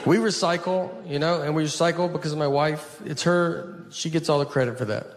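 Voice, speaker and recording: A man in his forties doing a stand-up comedy set on stage, telling stories in a deadpan way and voicing the people in them. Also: a little high, brisk. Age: 40s. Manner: deadpan storytelling, quoting people in flat asides. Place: stage before a live audience. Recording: live show with audience noise.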